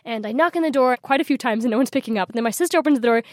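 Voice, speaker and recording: Young woman guest, higher voice, dry close sound, bubbly, laughing storyteller. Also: very fast, no echo. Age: young adult. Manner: bubbly, laughing, animated retelling. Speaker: interview guest, scholarship winner. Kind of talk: casual storytelling in interview.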